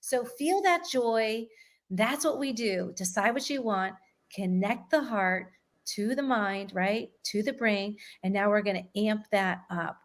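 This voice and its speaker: A woman leading a guided breathing meditation, giving soothing, step-by-step instructions and often checking in with a quick "right?". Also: fairly high pitch, a bit bright. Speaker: meditation teacher.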